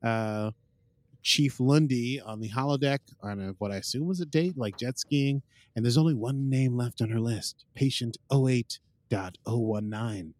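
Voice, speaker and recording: A podcast host with a medium-pitched male voice casually recaps an episode at a moderate pace, rambling, filling gaps with "uh" and "like," and quoting the characters. The recording has no room sound, with faint music behind him.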